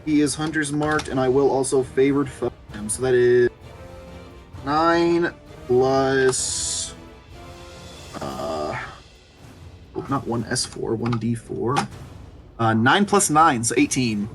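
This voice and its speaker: A man's voice: mid-range voice, animated, slow, long pauses, faint music behind. Eager man narrating his attacks. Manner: eager, relishing, describes attacks in vivid detail. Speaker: player. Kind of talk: playing a tabletop game online. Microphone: headset.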